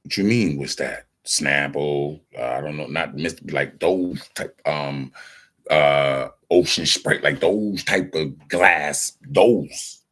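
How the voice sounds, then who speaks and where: A man's voice: rumbling low, slow, a bit bright. A middle-aged man telling a loose, profane, meandering story in a casual chat, acting out the people he quotes. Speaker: vlogger.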